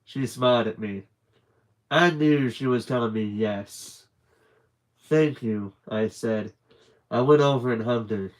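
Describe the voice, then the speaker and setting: A man reading a children's novel aloud live, in a steady, plain storytelling voice. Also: medium pitch, unhurried. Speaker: reader.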